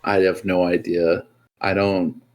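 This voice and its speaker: A man co-hosting a casual gaming podcast, relaxed and joking, a little sleepy and yawning as he acts out other players. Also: low-pitched, a little slow. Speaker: podcast co-host.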